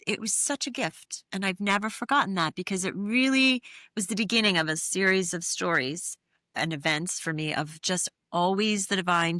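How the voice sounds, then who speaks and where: A woman's voice: on the low side, pushed and bright, no echo, clean studio sound. A middle-aged woman, an interview guest, telling a personal story in an earnest, candid way with many fillers. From New England. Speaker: interview guest, therapist and author.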